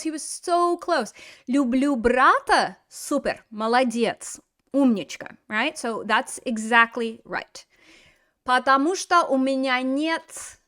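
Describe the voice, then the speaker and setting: An American woman teaching a language lesson, playful and expressive as she corrects a student's sentences. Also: on the high side. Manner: playful, switching between English and Russian.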